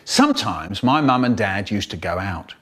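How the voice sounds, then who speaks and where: An older British man telling comic childhood stories in an animated way, switching to high voices for the children and to a low drone for his brother. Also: moderate pace, slightly rough. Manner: low droning chant for the brother. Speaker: storyteller. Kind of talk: comic storytelling, remixed.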